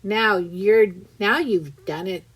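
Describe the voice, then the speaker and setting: A woman's voice: mid-range voice, slow, breathy edge. Woman reader as a fretful, whispering earthworm, storybook. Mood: fearful. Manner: whispered, anxious. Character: timid, nagging earthworm. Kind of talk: storybook reading.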